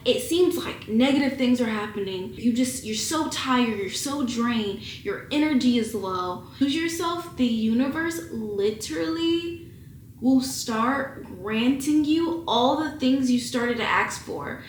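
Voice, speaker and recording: A woman in her twenties, with a fairly high voice, talks straight to camera at home like a big sister giving a pep talk. She is candid and emotional and swears casually. The sound is echoey, with a faint hiss behind her. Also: lively intonation, slow. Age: 20s. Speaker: vlogger. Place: at home, indoors.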